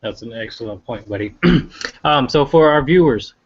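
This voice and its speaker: A man co-hosting a live online dog training chat, speaking haltingly with many fillers over a video call. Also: medium pitch, lively intonation, slightly rough. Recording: dull lo-fi video call audio.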